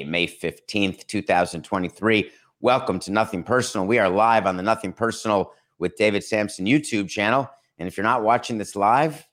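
A man's voice: fairly low pitch, fairly bright tone. Sarcastic male sports podcast host. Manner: dry, mocking, deliberate pauses for emphasis.

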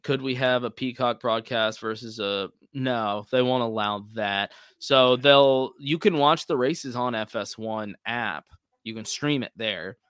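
A man's voice: mid-range voice, measured pace, fairly bright tone, clean tone, no room sound, clean studio sound. A man co-hosting a casual podcast, chatting in a rambling way with lots of fillers. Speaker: podcast co-host. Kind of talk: casual chat.

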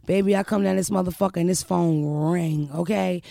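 Brief: woman comic hosting a podcast, loud and profane, gravelly tone, dry close mic. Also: fairly low pitch, a little fast, no echo. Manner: loud, profane, animated banter. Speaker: podcast host and comedian. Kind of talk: casual podcast chat.

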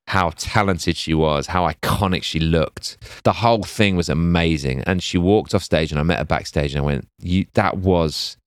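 A middle-aged man, an executive producer telling lively behind-the-scenes stories in an interview. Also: sits low, no room sound, studio quality. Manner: lively storyteller acting out quoted voices. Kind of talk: animated anecdotal interview.

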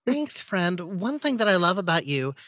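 Gushing enthusiastic male host, bright voice. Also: high voice, big pitch swings, moderate pace, no room sound. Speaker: podcast host. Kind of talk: casual interview chat.

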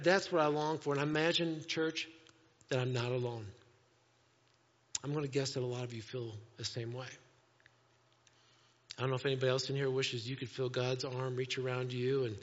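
A man preaching a sermon in a conversational way, moving between playful asides and hushed, earnest moments. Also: mid-range voice, big-room sound, muffled recording. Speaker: pastor. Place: church sanctuary.

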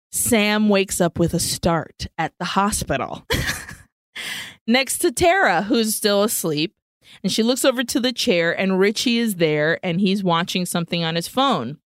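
A woman's voice: medium pitch, lively intonation, unhurried, dry recording, studio quality. A woman co-hosting a podcast, retelling a film scene by scene in a casual, profane way and slipping Spanish phrases in. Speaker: podcast co-host. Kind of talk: casual movie recap chat.

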